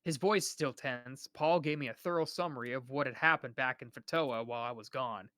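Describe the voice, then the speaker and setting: A man's voice: medium pitch, fairly quick, bright, forceful tone, dry recording, studio quality. A young man reading a novel aloud on a live stream, often stumbling over names and restarting words.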